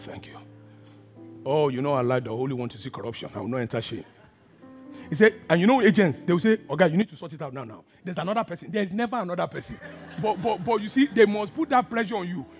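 A man preaching a sermon, telling a personal story with acted-out dialogue and hushed asides. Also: sits high. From Nigeria. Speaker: pastor.

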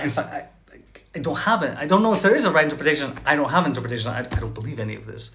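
A man's somewhat high voice, delivering casual vlog commentary. He talks with a sarcastic, chatty edge, peppering his points with "like" and "right?" and laughing often between them. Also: fairly bright tone. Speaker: vlogger. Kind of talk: casual direct-to-camera commentary.

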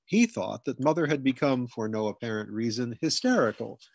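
A man narrates a comic memoir with a slightly husky, breathy tone and a middle-pitched voice. The sound is close and dry, with no room around it. He reads steadily and shifts into loud, high shouts whenever he quotes someone. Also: lively intonation, moderate pace, dry recording. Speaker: audiobook reader. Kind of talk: scripted narration of humorous memoir.

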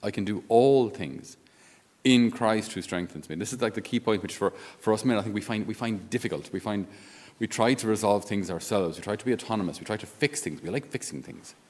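A man's voice: lowish voice, fast talker, a little mellow. A man with an Irish accent, a Catholic priest giving a conversational homily with wry asides. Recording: long reverb of a large hall.

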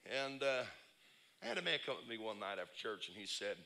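Gravelly, animated preacher man. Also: medium pitch, fairly quick. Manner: animated storyteller, bursts into shouts and laughs. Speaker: pastor. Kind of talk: lively humorous preaching. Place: church conference service.

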